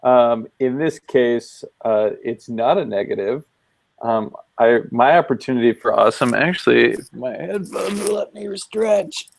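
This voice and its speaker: A man co-hosting a casual video-call chat, easygoing and thoughtful, pausing with frequent ums. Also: mid-range voice, expressive, gravelly, low-quality recording. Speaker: co-host. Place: home office, video call.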